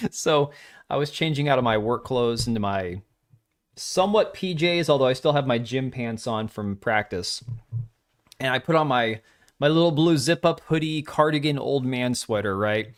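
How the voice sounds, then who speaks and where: A man's voice: mid-range voice, lively intonation, normal speed. A middle-aged man hosting his own livestream, tired and sore, chatting loosely, joking, chuckling and swearing casually from a home setup. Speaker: streamer hosting his live show.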